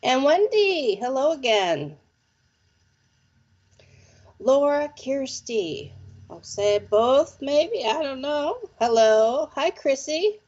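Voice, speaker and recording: A psychic reader and show presenter chats casually with viewers on a live stream, giving readings and often checking in with "okay?" Her high-pitched, sing-song voice has a darkish tone, and she goes slowly with frequent pauses. The sound is lo-fi, and her talk is chatty and full of fillers like "okay?" and "like."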